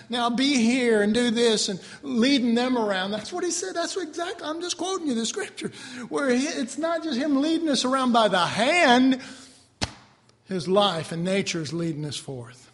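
A man preaching a sermon to his class, animated, swinging between loud outbursts and quiet asides. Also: very high-pitched, long reverb tail. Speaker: preacher teaching a Bible class.

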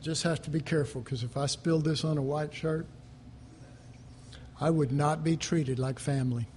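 Man, informal sermon, high voice, conversational, bursts of emphasis, long hall reverb. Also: normal speed, slight background noise. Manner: conversational, joking asides, rising to animated emphasis. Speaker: preacher.

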